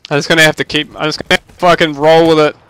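A young man casually commentating his own game livestream, excitable, laughing and swearing as he plays. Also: on the high side, rapid-fire, clean tone. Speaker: gaming livestreamer.

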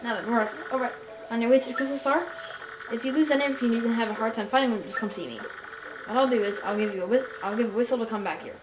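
A woman's voice: fairly high pitch, racing, noisy background, close to an everyday voice. A woman doing a cranky old tribal elder. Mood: scolding. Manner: scolding, gruff, forgetful. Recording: roomy with game music behind.

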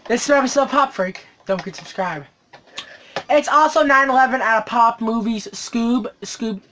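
A man's voice: very high-pitched, normal speed, pushed and bright, slight background noise. A teenage boy unboxing a collectible toy on his vlog, swearing constantly and ranting angrily between mumbled hums. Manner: profane angry ranting.

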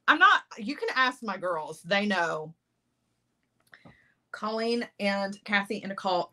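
Bright-voiced chatty woman livestreaming crafts. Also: mid-range voice. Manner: chatty, laughs often, playful. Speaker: jewelry-making livestream host. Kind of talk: casual livestream chat, reading viewer comments.

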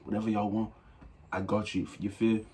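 A man's voice: lowish voice, little pitch movement, moderate pace, a little mellow, slight background noise. A young Irish man hosting a music reaction video, talking in a loose, slangy way and often adding "you know what I'm saying". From Ireland. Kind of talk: casual reaction commentary.

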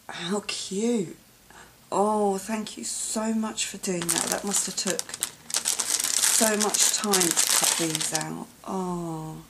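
A woman filming a craft gift unboxing vlog, gushing and gasping with delight and often dropping to a soft whisper. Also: medium pitch, steady tone, takes it slowly, very noisy. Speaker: craft vlogger.

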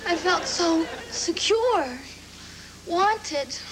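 A woman's voice: very high voice, very slow, background noise, full character voice. An actress playing a former womanizer reborn as a frightened young woman, pleading and tearful by turns with wry jokes, in 1980s sitcom style. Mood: clingy. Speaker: sitcom lead. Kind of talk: 1980s television sitcom acting.

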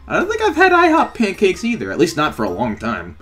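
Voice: medium pitch, huge pitch swings, fairly quick, fairly bright tone. A gamer giving playful commentary while trolling in an online game, often laughing and acting mock-clueless. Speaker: YouTuber playing a Roblox trolling skit. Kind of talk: gameplay commentary with in-character trolling. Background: faint background music.

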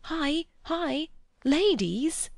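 A woman's voice: lowish voice, moderate pace, no room sound, clean studio sound. A woman voicing a jovial middle-aged male clergyman in an audiobook, hearty and calling out warnings.

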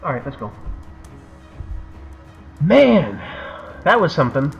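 A man hosting a co-op game let's play, reacting loudly with exclamations and swearing. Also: a little high, slow pace, creaky, dull audio, faint music behind. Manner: excitable, swearing, yelping exclamations. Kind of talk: co-op gameplay commentary.

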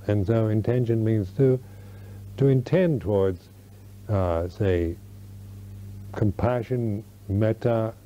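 An older American man, a Buddhist monk, giving a slow Dharma talk at a retreat, searching for words with many restarts. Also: lowish voice, mellow. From United States. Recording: dull lo-fi 1991 recording.

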